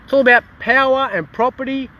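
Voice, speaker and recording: A man's voice: extremely high pitch, fairly even intonation, fairly quick, highs cut off, a little hiss or hum. Heated Australian man ranting outdoors. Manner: heated, swearing, many restarts. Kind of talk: casual outdoor rant to camera.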